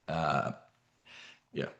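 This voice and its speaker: A man's voice: rumbling low, a bit bright. A middle-aged man hosting a live investing briefing, talking casually with blunt, swearing asides and rambling restarts.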